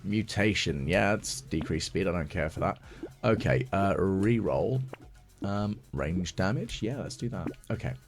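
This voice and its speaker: A man's voice: low voice, animated, a little slow. A man giving chatty ASMR gaming commentary as a let's play host, thinking aloud and mocking his own mistakes. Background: game music.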